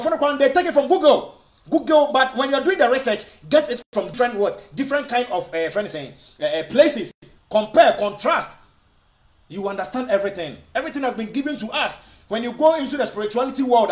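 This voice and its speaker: A man's voice: high voice, reverberant. A Ghanaian man giving argumentative video commentary, switching between Twi and English and firing off rhetorical questions. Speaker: online commentator.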